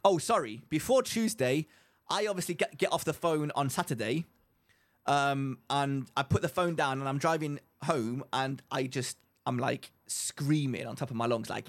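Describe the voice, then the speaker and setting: With a mid-range voice at normal speed, this young male podcast co-host spins a story in relaxed conversation. He animates it by acting out the voices of whoever he's quoting.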